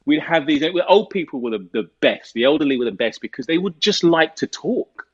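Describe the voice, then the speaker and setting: A British actor from the United Kingdom, giving an interview and telling stories in a rambling way, with many fillers. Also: male voice, fairly high pitch, animated, a little fast, husky, lo-fi sound. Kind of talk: casual interview talk.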